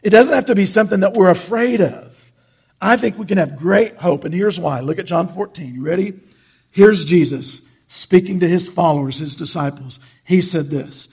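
A pastor preaches in an earnest, conversational way, stumbling and restarting as he goes. His voice sits high for a man and has a gravelly, husky edge. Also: moderate pace, a little mellow. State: choked up with emotion. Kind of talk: sermon.

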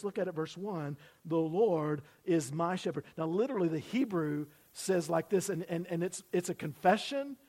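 Male preacher, higher-pitched voice, dynamic sermon delivery with loud peaks and soft drops. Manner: preaching with sudden loud emphasis and drops to near-whisper; asks the congregation to repeat phrases. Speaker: pastor. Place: church building.

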